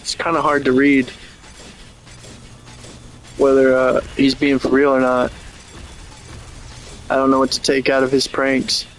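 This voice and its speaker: A man's voice: mid-range voice, monotone, a little slow, pauses often, slight background noise. A man streaming a game and chatting casually, rambling and joking, swearing freely. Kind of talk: casual livestream chat.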